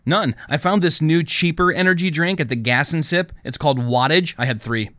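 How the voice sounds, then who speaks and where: A man voicing a hyper, teasing teenage boy who talks in a loud, excitable way, reading an audiobook. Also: on the high side, a little fast, no echo, clean studio sound, lightly acted.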